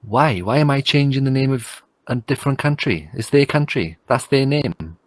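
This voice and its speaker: A man's voice: medium pitch, lively intonation, normal speed, no room sound. A man co-hosting a casual podcast chat, blunt and jokey as he argues his points. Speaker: podcast co-host.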